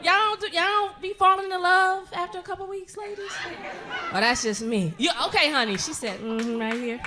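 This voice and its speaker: A middle-aged woman performing a profane stand-up comedy set, telling stories loudly and animatedly. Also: extremely high pitch, fairly quick, a crowd in the background. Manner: profane, loud, animated storytelling with frequent laughs. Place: comedy club stage with live audience.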